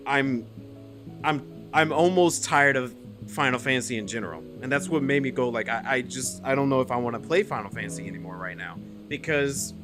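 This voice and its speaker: A man's voice: mid-range voice, a bit bright. A young man streaming, ranting to his chat in a frustrated, exasperated way that keeps building into outbursts.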